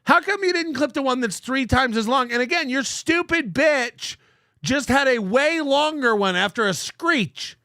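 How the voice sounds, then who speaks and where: A man's voice: very high voice, lively intonation, unhurried, pushed and bright, dry recording, clean studio sound. A man hosting a show, reacting to clips with sarcastic, profane commentary and frequent laughs.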